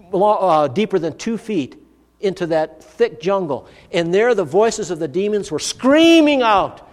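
A man preaching a sermon, telling a personal story in an earnest, vivid way. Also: sits high. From United States. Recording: long hall reverb.

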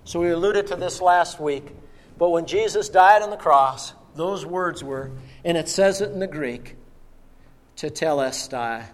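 Middle-aged male pastor, high-pitched, emphatic sermon delivery with hushed drops; long reverb of a church hall. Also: measured pace.

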